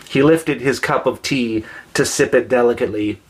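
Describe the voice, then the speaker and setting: A man reading a children's story aloud in a gentle, expressive way. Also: medium pitch, moderate pace, few pauses.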